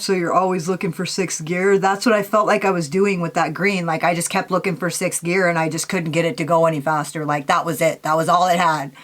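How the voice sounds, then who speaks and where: A young woman vlogging a makeup tutorial in a chatty, candid way, swearing casually and saying "like" a lot. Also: medium pitch. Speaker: beauty vlogger.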